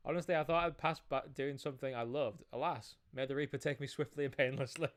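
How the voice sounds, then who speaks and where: A man's voice: medium pitch, fairly even intonation, quick pace. A young man co-hosting a game stream, chatting casually and reading the game's lines aloud in a laid-back, giggly way.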